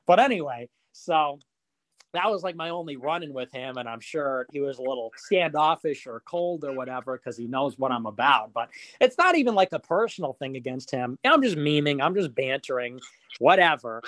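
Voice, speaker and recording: A man's voice: fairly high pitch, animated, normal speed, fairly bright tone, no echo. Rambling, profane man on a podcast. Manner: rambling and profane, many fillers and mocking asides. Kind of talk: casual podcast chat.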